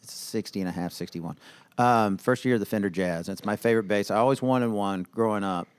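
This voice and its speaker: A man who is a musician and songwriter, telling stories as an interview guest with wry, deadpan jokes. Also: on the low side, brisk, smooth, no echo. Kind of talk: casual interview storytelling.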